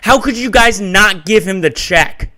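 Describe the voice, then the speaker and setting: A man voicing an irate team boss who screams in rage, high and strained. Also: measured pace, sharp tone. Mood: furious.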